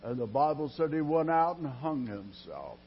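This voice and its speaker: A man preaching a sermon in a dramatic style, dropping to a hush and then rising loud, drawing his words out slowly. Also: fairly high pitch, big pitch swings, a little hiss or hum. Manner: dramatic preaching with sudden loud rises and quiet drops; slow, drawn-out delivery. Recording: dull lo-fi sermon recording.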